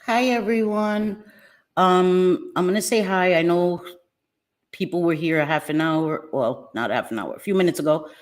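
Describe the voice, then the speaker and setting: Lively woman host greeting chat. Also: fairly low pitch, normal speed. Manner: lively, greets viewers by name with pet names. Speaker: livestream host. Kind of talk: casual livestream chat. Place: home in New Jersey.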